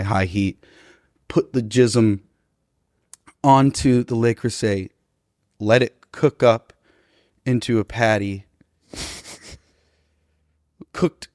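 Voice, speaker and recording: A man's voice: lowish voice, a little mellow, dry recording, studio quality. A man telling an absurd improvised comedy story in a matter-of-fact way. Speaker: podcast comedian.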